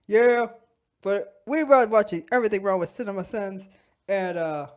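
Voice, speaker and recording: A woman hosting a toy channel, chatting casually and comically about fandoms, giggling, sighing dramatically and bursting into shouted bits. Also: mid-range voice, a little slow. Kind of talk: casual comedic fandom chat.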